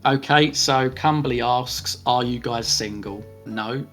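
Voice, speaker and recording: Measured man co-hosting a podcast. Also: medium pitch, a bit bright, soft background music. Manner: measured, hedging, thinks aloud. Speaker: podcast co-host. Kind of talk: casual Q&A chat.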